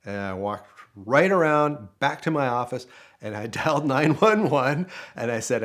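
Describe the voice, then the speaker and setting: A man's voice: medium pitch, normal speed. An older man, a former car dealership manager, telling a story casually and acting out the dialogue as he goes. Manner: animated storytelling, acts out quoted dialogue. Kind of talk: casual anecdote.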